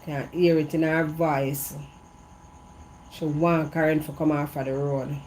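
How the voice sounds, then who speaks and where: She's a Jamaican woman vlogging outdoors as an evening breeze blows, spinning a casual bit of gossip in patois and repeating lines for emphasis. The voice is low and darkish, barely shifting in pitch, paced without hurry over a little background noise.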